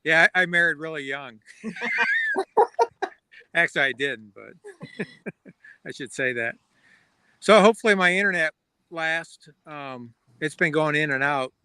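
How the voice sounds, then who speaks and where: A man's voice: on the high side, wildly swooping pitch, slow pace, long pauses, bright, forceful tone, clear, resonant tone. A middle-aged man chatting casually as a guest on a video call, friendly and joking.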